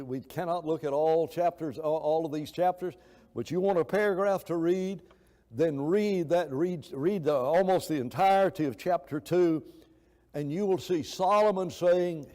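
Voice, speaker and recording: A man's voice: on the high side, mellow, big-room sound. An older man preaching a sermon in a church, emphatic, repeating words for stress, with frequent fillers. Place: church hall.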